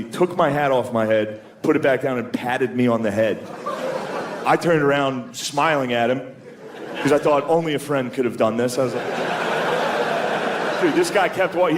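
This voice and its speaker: A man doing a stand-up comedy set, talking casually and profanely and calling everyone "dude.". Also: mid-range voice. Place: comedy club stage. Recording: live club recording, loud crowd noise. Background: loud audience laughter.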